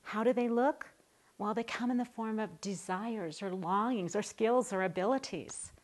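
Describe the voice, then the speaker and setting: A middle-aged woman teaching a recorded Bible study lesson to a women's group, warm and encouraging in a conversational way. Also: medium pitch, normal speed.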